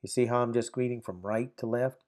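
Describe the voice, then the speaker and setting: A man teaching a recorded grammar lesson, sounding out syllables slowly and often checking "right? okay?". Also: mid-range voice, fairly even intonation, darkish tone. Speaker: Bible Hebrew teacher.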